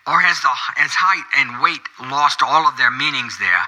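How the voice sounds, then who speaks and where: A man's voice: medium pitch, lively intonation, moderate pace, few pauses, bright, forceful tone, poor audio. An older man calling in to a comedy show. He rambles in a wordy, folksy way and piles up quirky questions. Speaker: caller. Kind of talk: comedic call-in monologue.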